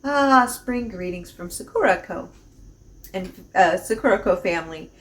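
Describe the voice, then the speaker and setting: A woman's voice: mid-range voice, animated, normal speed, a bit bright. A woman vlogger chatting casually through a box opening, bubbly and gushing, often laughing and repeating herself. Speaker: unboxing vlogger. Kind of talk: casual chat.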